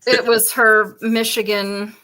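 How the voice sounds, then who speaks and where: A woman's voice: fairly high pitch, slow pace. A woman, hosting a casual chat and talking bluntly with lots of swearing. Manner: blunt and profane, animated asides. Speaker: podcast host.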